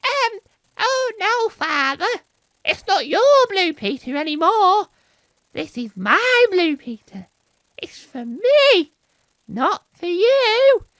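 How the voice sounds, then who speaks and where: A squeaky ten-year-old kid. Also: very animated, a bit bright, no room sound, heavily acted. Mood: whiny, defiant. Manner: drawn-out, slow whining delivery. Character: squeaky ten-year-old child talking back to dad.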